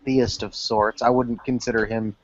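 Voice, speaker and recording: A man's voice: mid-range voice, level tone, normal speed. A man in a casual online debate chat, carefully qualifying and hedging his points. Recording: dull lo-fi call audio.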